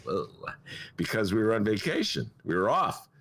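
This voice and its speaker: A man's voice: lowish voice, wildly swooping pitch, normal speed, fairly bright tone, slight background noise. A man hosting a podcast in casual chat, rambling through tangents with a self-mocking storyteller's manner. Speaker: podcast host.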